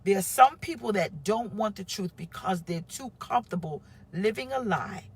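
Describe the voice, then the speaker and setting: A woman pastor with a husky, slightly breathy voice. She tells her own story with feeling and acts out what others said. Her pitch is moderate for a woman. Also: normal speed. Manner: emotional, animated storytelling with acted quotes. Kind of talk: testimony on a live stream.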